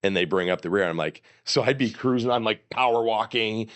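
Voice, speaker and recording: Deep-voiced man telling a rambling story. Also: fairly quick. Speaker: guest. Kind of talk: storytelling in an interview.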